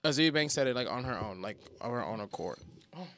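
A man co-hosting a casual podcast, animated and profane, breaking into sing-song quotes as he talks. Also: medium pitch, fast talker. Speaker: podcast co-host. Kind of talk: casual chat.

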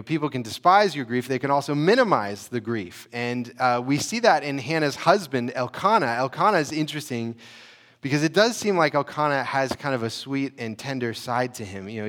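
A man's voice: mid-range voice, fairly bright tone. A man preaches a sermon in an easy, conversational manner, stopping now and then to restart a phrase. His voice sits in the middle of the range. The sound rings out with the long reverb of a big hall. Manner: conversational, frequent "you know" and restarts. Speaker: pastor.

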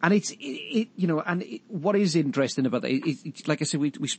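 A man's voice: a little high, big pitch swings, quick pace, slightly rough. A man hosting a podcast, discussing an old film in a thoughtful, hesitant way. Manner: thoughtful, hesitant, with many restarts and fillers. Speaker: podcast host.

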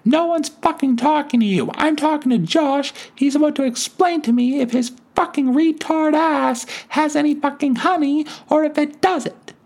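A man's voice: very high-pitched, normal speed, hardly any pauses, a little mellow, pitched above the performer's own voice. A man voicing an elderly cat lady who screams and swears furiously. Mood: screaming rage. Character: old cat-loving woman turned foul-mouthed rager.

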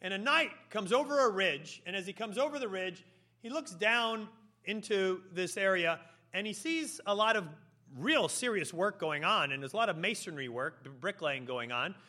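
A man preaching a sermon, telling a story with lively, animated delivery and putting on voices for the characters. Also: high voice, moderate pace. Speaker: pastor.

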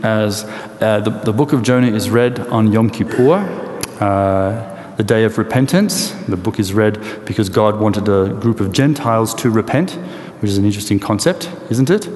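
Guy preaching, lively storyteller, lots of rhetorical questions, big echoey hall w/ long reverb. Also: fairly low pitch, normal speed. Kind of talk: sermon.

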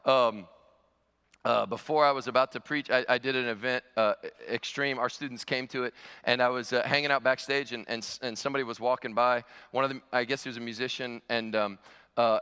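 A man's voice: medium pitch, sharp tone, clean tone. A man preaching a sermon as pastor, mixing teaching with storytelling and stammered restarts. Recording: long hall reverb.

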